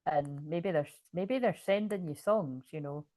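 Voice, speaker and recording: A woman's voice: low-pitched, unhurried, mellow, dry recording. A woman giving a casual, chatty tarot reading, swearing freely, laughing and breaking into bits of song. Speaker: tarot reader.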